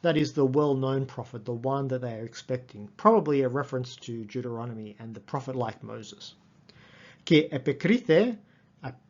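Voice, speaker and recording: A man lecturing on a text, reading passages slowly and carefully and explaining them as he goes. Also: mid-range voice, a little mellow, highs cut off. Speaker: Greek lecturer.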